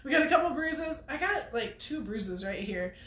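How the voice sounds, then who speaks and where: A woman's voice: sits high, big pitch swings, normal speed, fairly bright tone, echoey room. A woman hosting a weekly show, telling a story to viewers in a chatty way and laughing often. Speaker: host of a weekly off-road show.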